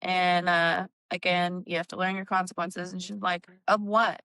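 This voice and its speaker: Woman book-chat host, casual and animated; smooth resonant tone, dry sound. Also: fairly low pitch, moderate pace, no room sound. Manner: animated recapping, acts out quotes, swears. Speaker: book club podcast host.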